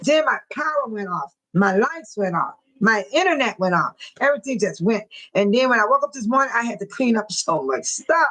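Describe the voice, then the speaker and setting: An older woman hosting a casual livestream from home, talking straight to her viewers in chat, emotional and quick to bless and pray. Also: a little high, animated, fairly bright tone, low-quality recording. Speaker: livestream host.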